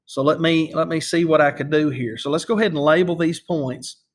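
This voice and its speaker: A man's voice: on the high side, brisk. A man teaching a math lesson over a screen recording, explaining step by step in a patient way and often checking in with "okay?".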